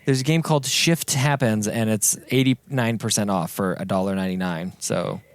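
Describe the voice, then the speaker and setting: A man's voice: on the low side, normal speed, no echo. Man co-host in dry, close sound. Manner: laughs easily, hesitant with fillers. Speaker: podcast co-host. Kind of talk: casual chat.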